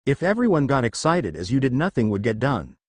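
A man's voice: mid-range voice, big pitch swings, fairly quick, no echo. A man voicing a cool, aloof teenage boy ninja in a read-aloud fan story, speaking dryly and dismissively. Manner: dry, dismissive.

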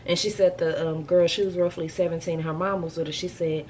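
A woman vlogger telling stories in a casual, animated, colloquial way. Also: on the low side, a little fast, few pauses, slight background noise. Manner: chatty, animated, colloquial storytelling. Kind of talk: casual storytelling chat.

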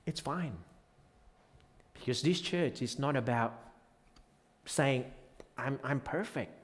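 A male pastor delivering a sermon with real passion, dropping low and quiet and then rising to loud, insistent peaks. His voice sits at an ordinary middle pitch. It rings out with a long reverb from the church hall around him. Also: takes it slowly. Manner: impassioned, swinging from quiet to loud emphatic peaks. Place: church sanctuary.

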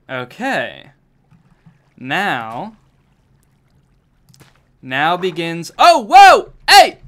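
A young man streaming a game, chatting casually and jokily to himself and his viewers, with keyboard typing behind him. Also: a little high. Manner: jokey, excitable, talks to himself and to chat.

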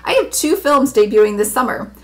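A woman's voice: sits high, big pitch swings, fairly quick. A woman reading aloud, voicing a petulant, whiny young actress who pleads and sulks. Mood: indignant.

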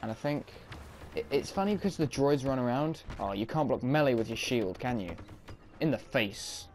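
A man's voice: medium pitch, lively intonation, normal speed, a little hiss or hum. Chatty man narrating his gameplay. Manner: chatty, self-mocking, reacts on the fly. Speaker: gaming commentator. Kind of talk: casual gameplay commentary.

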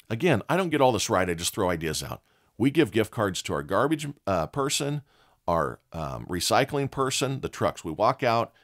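A middle-aged man hosting a motivational talk show, blunt and folksy, telling stories. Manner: blunt, folksy storytelling with lively swings in pitch. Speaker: podcast host.

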